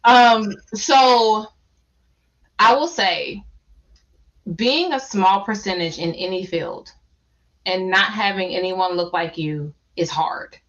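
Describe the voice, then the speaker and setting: A woman's voice: mid-range voice, slow pace, long pauses, fairly bright tone. A woman with a New Jersey accent speaks emphatically on a panel and often restarts her phrases. The audio sounds a little dull and lo-fi. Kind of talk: panel discussion.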